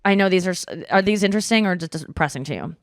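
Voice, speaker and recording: A woman's voice: lowish voice, rapid-fire, no echo, clean studio sound. A woman in her thirties hosting a podcast in casual chat, telling stories with lots of fillers and acted-out voices. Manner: animated storytelling with mimicked voices; frequent filler words. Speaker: podcast host.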